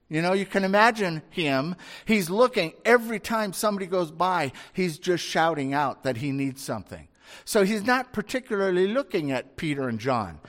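A male preacher giving a conversational sermon, often asking rhetorical questions. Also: high-pitched. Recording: long hall reverb.

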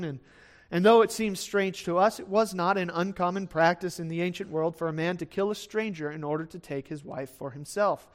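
A man's voice: high voice, a little fast. A man preaching a sermon, reading scripture and explaining it in a conversational way with fillers, and sometimes acting out the people in the story. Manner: expository Bible teaching with acted asides. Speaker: pastor.

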